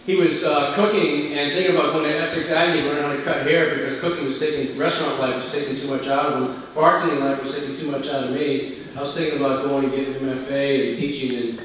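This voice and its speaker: A man's voice: a little high, fairly even intonation, fast, hardly any pauses, a bit bright, recorded from a distance, slight background noise. Man talking in a big echoey hall. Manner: candid, chatty, laughs often. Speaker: author taking audience questions. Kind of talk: casual talk after a reading. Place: festival hall.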